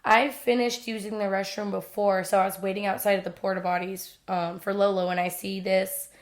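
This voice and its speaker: Young woman, podcast co-host, casual chat, animated storytelling, mid pitch. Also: a little fast. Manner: animated storytelling, acts out quotes loudly, swears freely.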